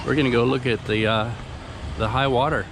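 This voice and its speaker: In a noisy, phone-style outdoor recording, a man with a medium-pitched, steady voice talks fairly quickly into a small handheld external mic. He's strolling through town and past a flooded river, offering loose, offhand commentary for a casual walking vlog.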